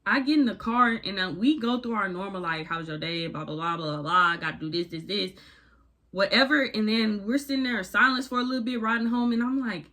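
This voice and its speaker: A woman's voice: mid-range voice, brisk. Slangy woman telling a storytime. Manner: animated, slangy, candid. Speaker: vlogger. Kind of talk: casual storytime narration.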